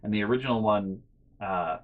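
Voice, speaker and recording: A man's voice: fairly low pitch, fairly quick, phone-quality sound. Rambling young man telling a story. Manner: rambling, self-interrupting with fillers and restarts; drops to quiet muttered asides. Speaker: vlogger. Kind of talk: casual storytelling.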